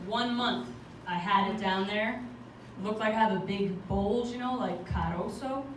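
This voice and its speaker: A woman's voice: medium pitch, measured pace, distant mic. A woman doing a chatty stand-up comedy set on a club stage, laughing through her jokes. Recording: very echoey club, noisy audience ambience.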